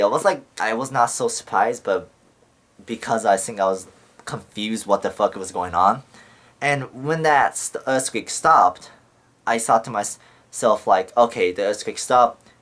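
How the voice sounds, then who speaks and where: A man's voice: medium pitch, a bit bright. Young man rambling with heavy swearing. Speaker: vlogger. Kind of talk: casual storytelling to camera.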